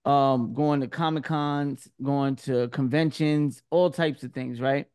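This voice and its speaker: A man's voice: medium pitch, steady tone, slow, a little mellow, clean tone, no echo, studio quality. A man hosting a podcast, asking laid-back, slangy questions. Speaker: podcast host. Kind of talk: casual podcast interview.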